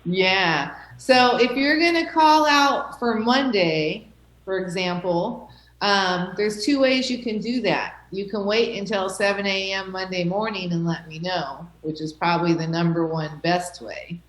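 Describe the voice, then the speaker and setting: A woman's voice: mid-range voice, unhurried, a bit bright, reverberant, rough recording. A woman teacher talking to her class, reassuring and checking in with "okay?" and "right?" as she goes. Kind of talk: classroom talk.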